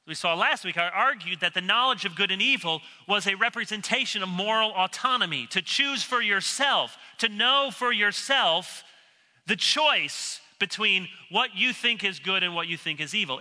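A man preaching an expository sermon, emphatic and animated, dropping low and quiet when he quotes others. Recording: long reverb of a large hall.

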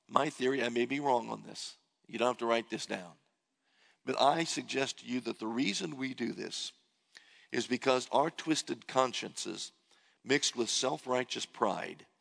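A man's voice: mid-range voice, creaky, fairly bright tone. A man preaching a sermon, earnestly reading and paraphrasing scripture in the first person. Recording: long hall reverb.

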